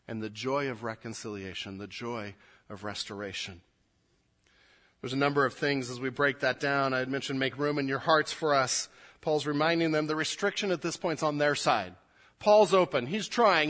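A male pastor delivers a sermon in a slightly higher voice. He shifts often, murmuring quietly and low, then swelling loud and emphatic as he reads and stresses his points. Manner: swings between soft low asides and loud emphatic reading.

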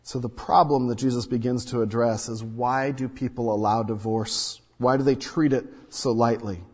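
Male pastor, husky and a touch high, earnest sermon delivery with asides to the congregation, reverberant church hall. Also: darkish tone. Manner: earnest teaching with rhetorical questions and asides to the congregation.

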